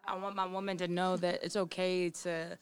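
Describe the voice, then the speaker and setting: A woman's voice: lowish voice, little pitch movement, moderate pace. A young adult woman talking casually as a guest musician, laid-back and slangy, swearing freely. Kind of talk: casual interview chat.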